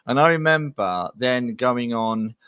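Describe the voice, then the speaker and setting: A man's voice: mid-range voice, lively intonation, measured pace, a bit bright, clear, resonant tone, no room sound. A man from England, a guest medium, telling his life story in a chatty, rambling way on a video call podcast. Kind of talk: casual podcast interview.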